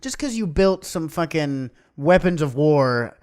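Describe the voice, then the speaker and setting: A man's voice: fairly high pitch, lively intonation, unhurried, darkish tone, clean tone. A man from the United States co-hosting a podcast, joking and sarcastic, swearing often in casual banter. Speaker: podcast co-host.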